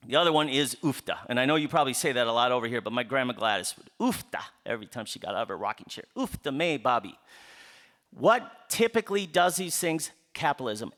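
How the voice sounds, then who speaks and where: Speaking at a medium pitch, an author from the Upper Midwest US delivers an animated book talk, a public lecture before a live audience. He raises rhetorical questions, answers them himself, and pulls the crowd in with playful asides.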